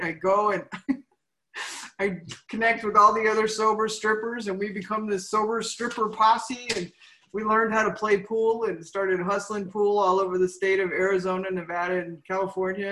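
A woman's voice: mid-range voice, sharp tone. Woman, frank recovery share, self-mocking, echoey room. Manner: chatty, frank, self-mocking, keeps asking "right?". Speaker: speaker sharing her recovery story. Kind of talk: recovery meeting share, storytelling.

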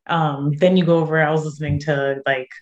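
A woman's voice: low-pitched, fairly even intonation, brisk, darkish tone, dull audio. A young woman from San Diego, chatting casually as an interview guest, full of fillers and easy laughs. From San Diego, USA. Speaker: guest musician and actress.

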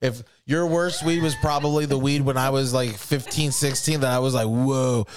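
A man's voice: mid-range voice, steady tone, normal speed, a little hiss or hum. A man in his thirties with an American accent, telling profane, rambling stories on a casual podcast and acting out other people's voices. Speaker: podcast co-host. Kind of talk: casual storytelling chat.

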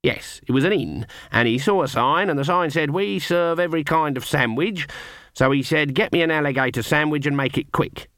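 A man's voice: on the high side, moderate pace, a bit bright, no room sound, clean studio sound. Give me a man playing a stern old witch woman, solemn and haughty.

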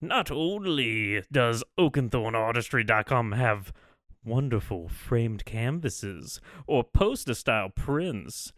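A man's voice: mid-range voice, a bit bright, dry recording, clean studio sound. A man voicing a scheming, theatrical sorcerer villain who gloats as he reads an ad. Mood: hammy.

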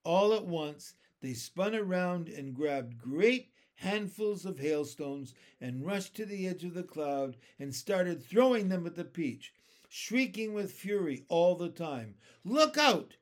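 A man reading a children's novel aloud, deliberate and expressive. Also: high-pitched. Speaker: storyteller.

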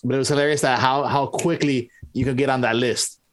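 A man's voice: mid-range voice, fairly even intonation. Giggly man in casual chat. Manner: laughs often, halting. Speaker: podcast co-host. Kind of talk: casual movie review chat.

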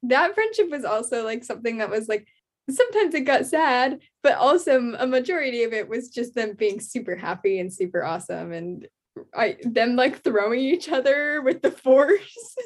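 A woman's voice: on the high side, expressive, moderate pace. Gushing young woman chatting. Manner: gushing, filler-heavy, laughs often. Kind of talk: casual book chat.

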